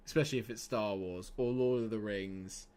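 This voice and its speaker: A man streaming a football management game live, chatting excitedly and laughing often. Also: on the low side, moderate pace, smooth. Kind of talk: casual live game commentary.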